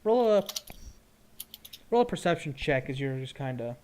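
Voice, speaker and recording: A man's voice: medium pitch, big pitch swings, moderate pace, noisy background. A man narrating as game master, describing scenes in a loose, rambling way with many restarts.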